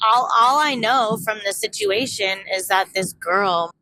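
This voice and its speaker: A young woman vlogger tells a candid personal story, frank and animated, swearing freely and acting out what people said. Her voice is on the high side and unhurried, with few pauses. The recording quality is low.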